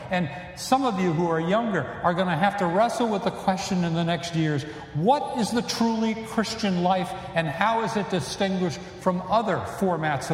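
An older man preaching a sermon in a reflective, earnest way, with pauses and fillers. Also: high-pitched, slight background noise. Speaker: pastor. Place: church sanctuary. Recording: echoey church hall.

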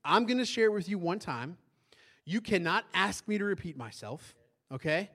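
A male pastor preaching a sermon in a church, animated and often asking the congregation questions. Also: sits high, normal speed. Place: church sanctuary.

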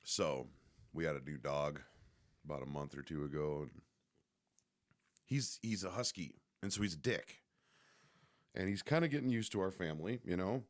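A man with a very low, deep voice tells a rambling story in casual vlog style. His pitch swings widely as he jokes and swears his way through it, loose and unpolished. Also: animated, moderate pace, long pauses. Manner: rambling, heavily profane, joking.

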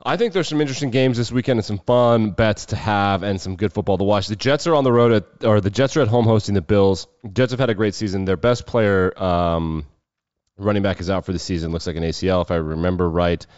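A man's voice: lowish voice, a little fast, darkish tone, dry recording, lo-fi sound. A man hosting a casual sports show, running through football picks in a loose, irreverent way with some swearing. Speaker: sports betting show host.

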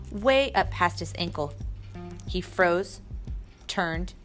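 A woman narrating a storybook aloud in a lively, expressive way. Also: fairly low pitch, slow pace, long pauses, faint music behind. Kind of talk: storybook reading.

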